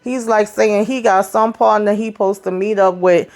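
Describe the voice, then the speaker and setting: A woman's voice: mid-range voice, steady tone, moderate pace, a little mellow. Woman recapping a tv episode in aave, chatty and slangy, voices the characters as she goes.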